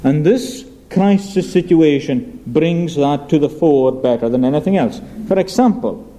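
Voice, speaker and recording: A man's voice: on the high side, lively intonation, unhurried, dark tone, rough recording. A male preacher giving a sermon, emphatic, asking rhetorical questions and repeating key phrases.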